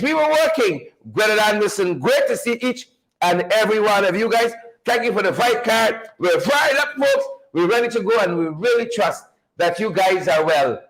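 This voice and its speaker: Animated Guyanese man greeting livestream viewers. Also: high-pitched, rough recording. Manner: animated, playful, repeats phrases for emphasis. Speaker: livestream show host. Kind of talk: lively livestream welcome, greeting viewers by name.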